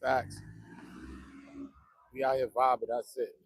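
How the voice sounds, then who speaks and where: A man's voice: mid-range voice, fairly even intonation, slow pace, gravelly, a little hiss or hum. A man, rambling casually to the camera in slang, joking and repeating himself.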